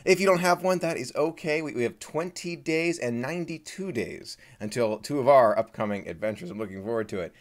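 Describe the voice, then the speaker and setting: A man's voice: medium pitch, lively intonation, fairly quick, hardly any pauses. A man hosting a live Q&A stream, greeting viewers by name in a friendly, chatty way. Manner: friendly, reads out viewer names and countdowns, gets choked up at times. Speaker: Disney vlogger hosting a live Q&A.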